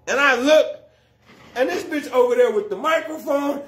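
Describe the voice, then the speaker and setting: A man doing stand-up comedy, telling a story loudly and with lots of slang and swearing, often laughing at his own jokes. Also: very high voice, unhurried. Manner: profane and slangy.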